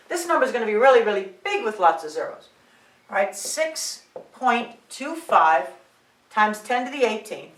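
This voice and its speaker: A woman teaching high school physics who often checks in with "all right" and "okay" and counts digits aloud. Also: a bit bright. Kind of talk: classroom lecture at a board. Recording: roomy sound, mic set at a distance.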